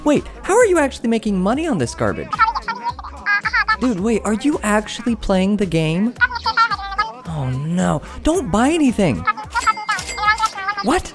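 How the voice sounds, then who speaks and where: A young man narrating a comedic tech vlog, animated and exclaiming, bantering with himself, with faint music behind. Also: sits high, measured pace, pauses often. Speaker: YouTube creator.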